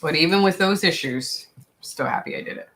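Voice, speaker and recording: A man's voice: a little high, fairly quick, bright, forceful tone, rough recording. A man in a casual chat at home, talking loosely with many fillers. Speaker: co-host.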